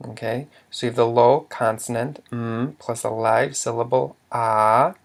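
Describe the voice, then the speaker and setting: A man's voice: medium pitch, fairly even intonation, moderate pace, vocal fry, a little mellow. A man teaching a language lesson, explaining rules patiently step by step with some fillers.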